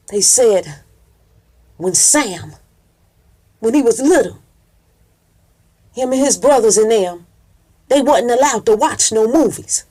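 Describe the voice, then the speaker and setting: Woman, higher voice, emphatic, preacher-style cadence, profane storytelling. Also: darkish tone. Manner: emphatic, call-and-response cadence, heavy cursing.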